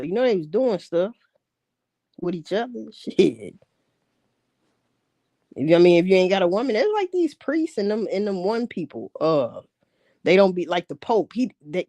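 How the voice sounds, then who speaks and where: A woman's voice: fairly low pitch, sing-song, moderate pace, mellow, no echo. A woman ranting in a casual commentary, blunt and heavy on profanity. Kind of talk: casual rant.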